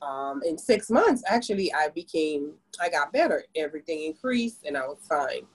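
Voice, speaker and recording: A woman from the Caribbean in her forties tells her story as a podcast guest, her lowish voice carrying a husky grain. She talks casually and expressively, with big leaps in pitch as she relives moments. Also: sing-song, moderate pace, rough recording. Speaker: podcast guest, business owner.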